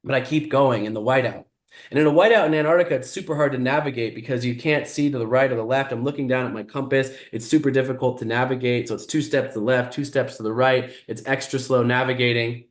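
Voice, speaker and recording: A man, a guest speaker, telling a motivational story in an animated, vivid way. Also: mid-range voice, quick pace, echoey room.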